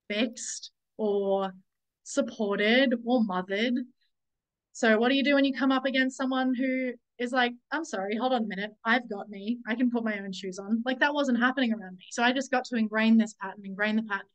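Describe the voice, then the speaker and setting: On a group call, a woman with a medium-pitched voice shares a personal story as a summit speaker, captured in a low-quality recording. She searches for words, corrects herself often, says "like" a lot, and speaks candidly, swearing now and then when recalling anger.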